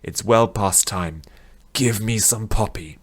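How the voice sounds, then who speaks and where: A man voicing a desperate male bounty hunter craving a drug, growling and shouting, then pleading in a small sad voice. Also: lowish voice, slow.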